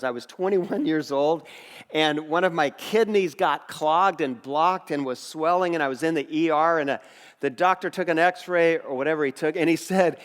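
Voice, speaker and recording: A middle-aged pastor preaching a sermon, telling personal stories in an animated way and acting out what others said. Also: male voice, on the high side. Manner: storytelling, animated, acts out quotes. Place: church auditorium. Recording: long reverb of a church hall.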